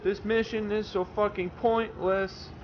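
A man's voice: sits high, level tone, unhurried, lo-fi sound, noisy background. A young man swearing and ranting in exasperation as he comments on his own gameplay. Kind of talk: let's-play commentary.

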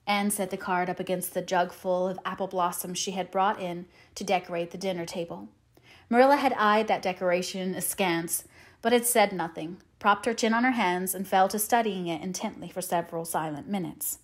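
A woman's voice: fairly low pitch, fairly even intonation, normal speed. Woman narrating a classic novel. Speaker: audiobook narrator.

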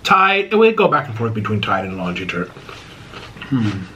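Against a noisy background, a low-voiced American mukbang YouTuber chats briskly with his viewers as he eats. His pitch swings widely, and he rambles, interrupting himself and restarting sentences often.

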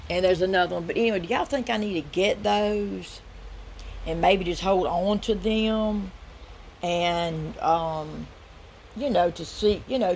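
Gravelly-voiced Southern woman vlogging. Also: lowish voice, a little mellow, a little hiss or hum. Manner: chatty, drawling, addresses viewers as y'all. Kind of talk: casual thrift vlog narration.

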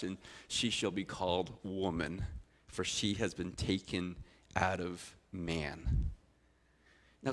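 A middle-aged man, a pastor, preaching a sermon with expressive storytelling that swings from loud to quiet. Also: on the low side.

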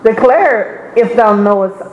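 A congregant slowly reading old-style scripture verses aloud during a sermon. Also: mid-range voice, dull audio. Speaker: scripture reader. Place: church. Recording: echoey church with faint noise.

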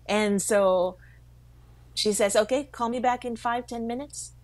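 A woman co-hosting a faith talk show, telling a story with lively quoted voices. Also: on the high side, a little slow, no echo. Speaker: co-host.

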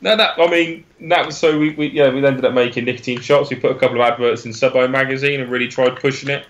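A man's voice: medium pitch, steady tone, fast talker, fairly bright tone, dull audio. Rambling young Englishman with an Oxfordshire accent. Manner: rambling, self-correcting, laughs easily. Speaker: guest, e-liquid maker. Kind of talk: casual live-stream chat.

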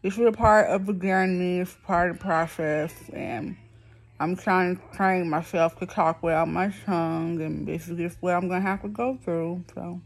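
Frustrated woman vlogger, slangy and blunt, with a lisp from a palate expander and a slightly low voice. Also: steady tone, moderate pace. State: speech thick and lisping from a new palatal expander. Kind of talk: casual venting to camera.

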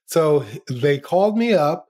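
An older man, a former TV journalist, telling lively anecdotes in an interview and acting out the quotes. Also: fairly high pitch, a little slow. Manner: lively anecdotes, acts out quotes, laughs often. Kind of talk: storytelling in a podcast interview.

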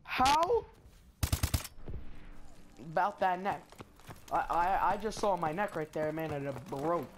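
A man giving excitable, slangy, trash-talking commentary over his gameplay. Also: on the high side, moderate pace, background noise. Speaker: gamer. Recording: loud gunfire from the game behind. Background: game gunfire and effects.

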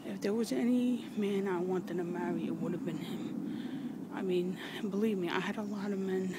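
A woman recording an emotional personal video message, halting, sighing and swearing as she nears tears. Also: mid-range voice, steady tone. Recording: noisy background with vehicles.

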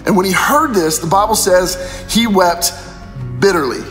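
A man with a high voice delivers a casual pastor's devotional, retelling scripture in everyday slang. The sound carries a long hall reverb. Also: moderate pace, sharp tone, faint music behind.

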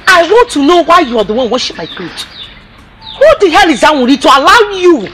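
An actress with a Nigerian accent playing an angry, demanding grown daughter in a family film drama. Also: female voice, high voice, big pitch swings, background noise. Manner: angry, demanding, rapid questions. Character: hot-tempered grown daughter, indignant. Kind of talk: film acting.

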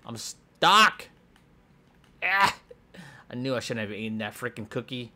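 A man's voice: medium pitch, unhurried, a little hiss or hum, exaggerated voice. Bob, a man voicing a hyper boastful schoolboy. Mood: excited. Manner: excitable, goofy, jumps between squeals and mutters. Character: hyper boastful schoolboy hero with a pet shark. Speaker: gameplay voice actor. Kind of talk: comedic game voiceover.

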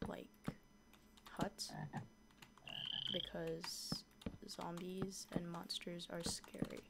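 A young woman chatting casually through a modded block-building game, easily scared and quick to shriek at monsters. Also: on the low side, creaky, very noisy. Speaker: gaming YouTuber. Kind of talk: casual gameplay commentary.

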